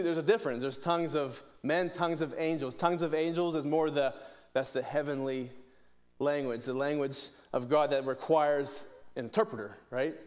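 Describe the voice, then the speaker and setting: A man's voice: fairly high pitch, a little mellow. A middle-aged man from Pittsburgh preaching a sermon earnestly, often restarting phrases and posing questions to the congregation. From Pittsburgh, USA. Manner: earnest, repeats words and restarts phrases, asks rhetorical questions. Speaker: pastor.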